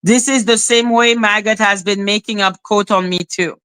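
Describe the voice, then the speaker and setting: Woman vlogger reacting to clips, blunt, swears a lot, bright voice at mid pitch. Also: steady tone, moderate pace, clean tone. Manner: blunt and profane, talks back at clips. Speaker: commentary YouTuber. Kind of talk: casual reaction commentary.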